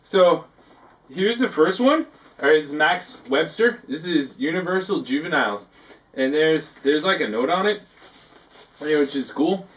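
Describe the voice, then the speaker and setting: A man hosting a comic talk segment, rambling and halting, filling his talk with "like" and tacking on "eh". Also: a little high, lively intonation, a bit bright, far from the mic. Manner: halting, full of "like" and tacked-on "eh". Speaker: host of a parody talk segment.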